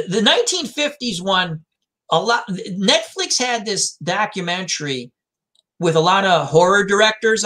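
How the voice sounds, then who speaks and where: A man's voice: sits high, a bit bright. A man chatting casually, animatedly retelling movie scenes and acting out the lines. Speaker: co-host. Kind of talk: casual chat.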